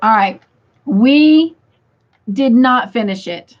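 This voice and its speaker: A woman's voice: a little high, expressive, takes it slowly. A woman hosting a livestream, reading chat comments aloud and laughing often. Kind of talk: casual chat. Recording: dull lo-fi sound.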